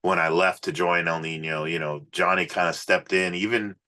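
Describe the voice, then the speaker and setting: Low-voiced, profane rock musician telling stories. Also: male voice, moderate pace. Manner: profane, animated storyteller. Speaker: musician guest. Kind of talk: casual storytelling interview.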